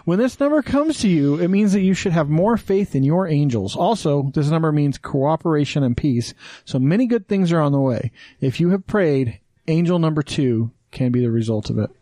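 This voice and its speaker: A man's voice: fairly high pitch, lively intonation, normal speed, dark tone, dry recording. A man with a Utah accent co-hosting a podcast, chatting casually, cracking jokes and swearing freely. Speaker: podcast co-host. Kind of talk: casual chat.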